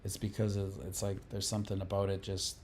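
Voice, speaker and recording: A man hosting a livestream, reading viewer comments in a relaxed, rambling casual chat. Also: low voice, fast, slight background noise. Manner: relaxed, rambling, laughs often. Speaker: livestream host.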